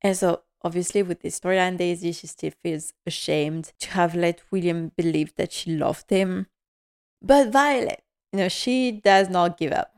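A woman hosts a podcast and recaps a drama episode in casual chat. She talks quickly and with feeling, in a slightly low voice. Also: darkish tone, clear, resonant tone. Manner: emotional, quick, heartfelt. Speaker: podcast host.

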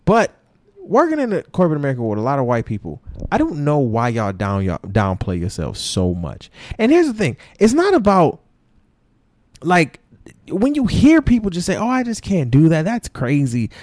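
A man hosting an opinion podcast, ranting in an animated, profane way full of slang and mocking asides. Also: fairly high pitch, moderate pace, no echo, studio quality. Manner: mocks others in put-on voices. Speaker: podcast host.

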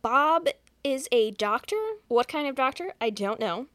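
A woman hosting a podcast, retelling a movie's plot in casual, profane, deadpan chat. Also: fairly high pitch, unhurried. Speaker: podcast host.

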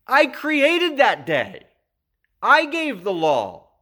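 A man voicing a confident male teacher who challenges his critics in an emphatic, casual, rhetorical way, pitched high and loud. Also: huge pitch swings, extremely slow, exaggerated voice. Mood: challenging.

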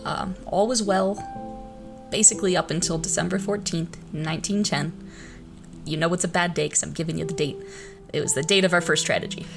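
A woman's voice: lowish voice, fairly even intonation, fairly quick, vocal fry, music in the background. A young woman co-hosting a podcast, telling a story in a casual chatty way, full of "like" fillers.

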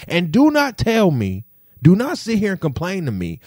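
A young man venting to the camera in a vlog, indignant and profane, repeating himself and swinging between low grumbles and sharp high outbursts. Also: wildly swooping pitch, normal speed, dry recording, clean studio sound. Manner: indignant, profane, repetitive rant with big pitch swings.

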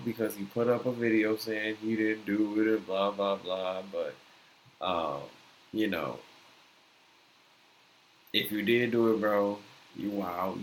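A man's voice: fairly low pitch, a bit bright, a little hiss or hum. A young American man hosting a podcast, rambling through his opinions in loose slang and often asking "you know what I'm saying". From United States. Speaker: podcast host. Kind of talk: casual opinion talk.

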